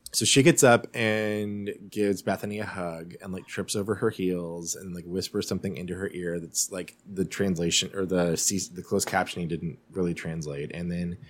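A man co-hosting a podcast, chatting casually and retelling scenes with quick, animated asides. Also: deep voice. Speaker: podcast co-host. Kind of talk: casual chat recapping a TV show.

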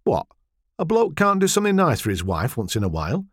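A man's voice: fairly high pitch, wildly swooping pitch, fairly quick, slightly rough, no echo, clean studio sound, voice pushed up, full character voice. A man playing a blunt, teasing Englishman. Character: cheeky blunt Englishman, a husband.

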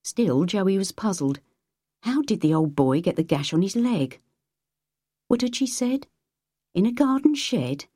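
A woman narrating an audiobook in a measured, even storytelling manner. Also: mid-range voice, husky, dry recording, clean studio sound.

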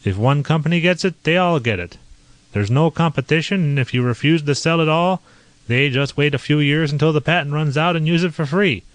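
A man voicing a blunt, self-assured male inventor who talks in a brisk, lecturing way, his voice a bit raised above his narration. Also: a little high, no room sound, voice pushed up, close to an everyday voice. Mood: confident. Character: blunt middle-aged male inventor, sure of himself.

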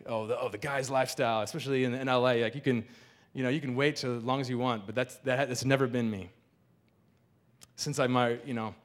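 A man in his thirties giving a candid personal talk to an audience, animated and full of restarts. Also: mid-range voice.

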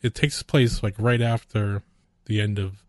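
A man casually chatting about a film he loved, lively, swearing often and laughing. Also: on the low side, a little slow, dry recording, clean studio sound. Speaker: podcast co-host. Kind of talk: casual film review chat.

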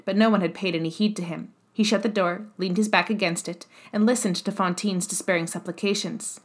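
Woman reading a classic novel aloud. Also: medium pitch. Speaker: audiobook narrator.

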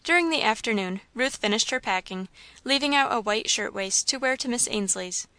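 A woman's voice: fairly high pitch, animated, normal speed, sharp tone, no echo. A woman reading a novel aloud as scripted narration, lightly shading the characters' dialogue. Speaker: audiobook reader.

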